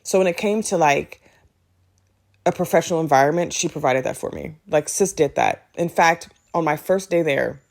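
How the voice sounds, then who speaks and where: Low-voiced gravelly woman telling a story. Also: normal speed. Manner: chatty, animated, acts out quoted dialogue. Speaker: podcast host. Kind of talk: casual storytelling monologue.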